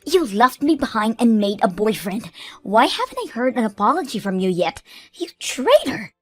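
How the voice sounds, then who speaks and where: A woman voicing a furious, jealous young woman who shouts accusations at her friend, in an animated story. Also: a little high, normal speed, dry recording.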